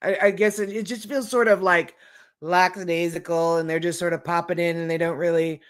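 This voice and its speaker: A woman's voice: lowish voice, flat delivery, fairly quick. A woman co-hosting a casual chat show, rambling and hedging with lots of fillers. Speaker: podcast co-host.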